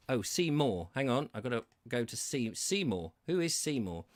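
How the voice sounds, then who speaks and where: A man's voice: mid-range voice, very animated, normal speed, few pauses. A man from England hosting a live-streamed comedy talk show from his home, chatting and rambling as he reads viewer comments and stumbles playfully through tongue twisters. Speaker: host. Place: terraced house.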